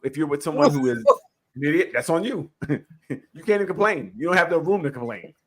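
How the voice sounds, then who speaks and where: A man co-hosting a casual group talk about relationships, animated and laughing, often repeating himself. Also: a little high, a little fast. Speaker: podcast co-host.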